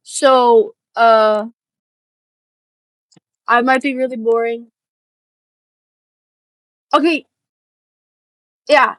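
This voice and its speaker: A woman from the northern United States streams casual reaction commentary, rambling and self-deprecating with lots of fillers and trailing asides. Her slightly high voice has fairly even intonation, drawn-out words, and frequent pauses, in a dry, low-quality recording.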